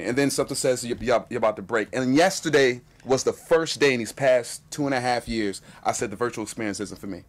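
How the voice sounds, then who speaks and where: A man telling a personal story in casual chat, animated and acting out what people said. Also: mid-range voice. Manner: animated, fast-talking storyteller acting out quotes.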